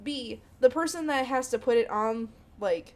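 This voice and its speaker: A woman co-hosting a casual podcast, telling stories in a giggly, animated way. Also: fairly high pitch, moderate pace, a little hiss or hum. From Chicago area. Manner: giggly, animated storyteller who acts out coworkers' voices. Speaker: podcast co-host. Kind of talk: casual chat.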